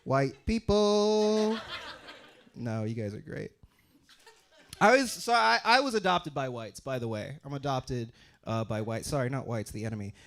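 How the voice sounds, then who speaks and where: This gravelly-voiced young man from Utah performs stand-up at a normal pace, lively throughout, switching between booming high-pitched characters and low muttered asides.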